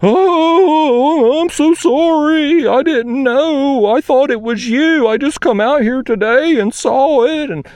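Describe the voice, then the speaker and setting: A man's voice: very high-pitched, slow pace, hardly any pauses, a little mellow, voice pushed up. A whiny, stammering neighbor man pleads and plays the victim in a raised, sing-song tone, as a man mocks him. The voice is dry and close, with no room echo. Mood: whiny pleading. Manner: pleading, stammering, self-pitying. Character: whiny apologetic middle-aged male neighbor playing victim. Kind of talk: mimicking a neighbor in a story.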